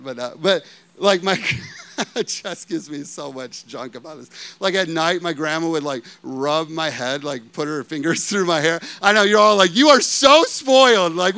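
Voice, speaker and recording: A man's voice: high voice, sharp tone. A man preaching a sermon, telling personal stories in a conversational way with lots of filler words and questions to the audience. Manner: conversational storytelling with frequent "like" fillers.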